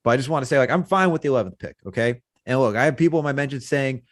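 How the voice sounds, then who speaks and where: A male podcast co-host, talking sports in a casual, animated, rambling way. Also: rapid-fire, no room sound, studio quality. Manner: animated, rambling, jumps in pitch when excited.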